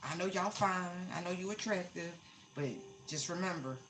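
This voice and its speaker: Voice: medium pitch, normal speed, a bit bright, rough recording. A tarot reader giving a casual, emphatic live-streamed reading, often repeating words for stress.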